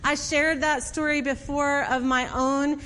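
A woman's voice: high-pitched, little pitch movement, a little slow, a bit bright, in a large hall. A woman preacher retelling a story in a conversational sermon, with casual fillers and acted quotes. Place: church hall.

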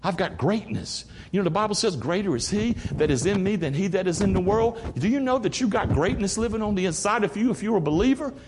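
A middle-aged pastor with a Southern American accent preaches in a folksy, preacherly way, often calling out "Amen?" to the congregation. His high voice rises and falls freely. It carries through a church hall with a long reverb trail. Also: animated, quick pace, hardly any pauses, darkish tone, a little hiss or hum. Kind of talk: sermon. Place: church sanctuary.

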